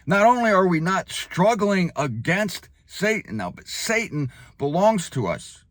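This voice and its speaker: A man giving spoken Bible teaching in an emphatic way, slowing down hard on key phrases and leaping up for emphasis. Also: dry recording. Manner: animated, leaps up in pitch for emphasis.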